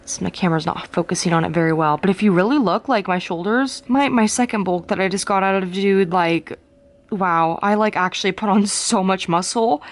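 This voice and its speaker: At home, a young woman chats into a handheld camera about her competition prep in a casual vlog. Her mid-range voice moves a little fast, and she comes across bubbly and chatty, frequently saying "dude."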